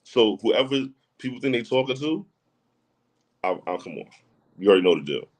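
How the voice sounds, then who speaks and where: With lively intonation and a fairly quick pace, this mid-range male voice comes across on a low-quality recording. He's guesting on a casual podcast, emphatic and repetitive, frequently asking whether you get what he's saying.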